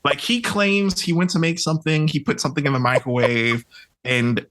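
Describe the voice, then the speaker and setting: Bright-voiced young man telling a story. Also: a little high, steady tone, normal speed. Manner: profane, laughing, acts out quoted voices. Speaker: podcast guest. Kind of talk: animated storytelling. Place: podcast recording.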